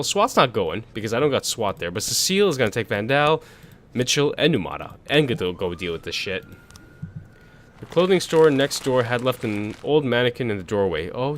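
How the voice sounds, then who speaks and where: A man's voice: mid-range voice, a bit bright. A young man doing let's-play commentary on a desk condenser mic, reading case text aloud with stumbles and swearing. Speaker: gaming youtuber. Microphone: desk condenser microphone.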